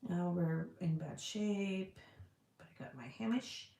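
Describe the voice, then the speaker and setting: A woman's voice: lowish voice, slow, gravelly, warm tone, reverberant. A woman hosting a casual livestream, chatty and profane as she answers viewer comments. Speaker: livestream host selling scented products. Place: indoor room.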